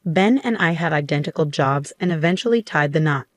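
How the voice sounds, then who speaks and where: A woman in her thirties telling a first-person story in a steady, scripted narration. Her voice sits low and calm. It is recorded dry and close to the mic. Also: brisk, no echo. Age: 30s.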